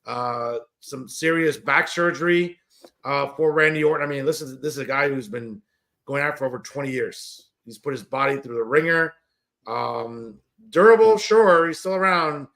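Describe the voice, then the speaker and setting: A man's voice: medium pitch, moderate pace, fairly bright tone. A man hosting a wrestling podcast, talking casually and rambling, with many fillers and restarts. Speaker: podcast host.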